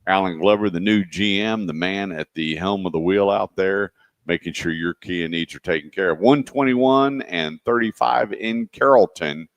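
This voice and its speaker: A man with a low, deep voice hosts a car radio show in a dry, close studio with no room echo. His talk is casual and loose, and he spins folksy stories, acting out the voices of the people in them.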